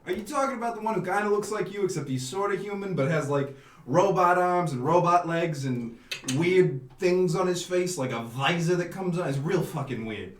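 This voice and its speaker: A man voicing a young male street tough with a put-on Italian American accent, gruff and full of swearing in a mob-movie drawl. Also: sits high, lively intonation, normal speed. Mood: guarded. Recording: roomy sound from a distance.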